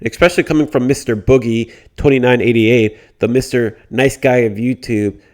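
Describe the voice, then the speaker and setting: A man's voice: medium pitch, steady tone, normal speed, darkish tone. A man giving a casual commentary rant, indignant and blunt, with frequent swearing and many restarts. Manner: mocking quoted whiny voices. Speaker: commentary YouTuber.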